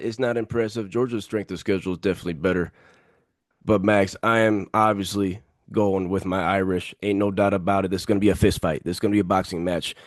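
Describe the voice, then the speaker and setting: A man's voice: on the low side, darkish tone, no echo, clean studio sound. A man co-hosting a casual sports podcast, giving confident, emphatic picks and repeating himself for emphasis. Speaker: podcast co-host.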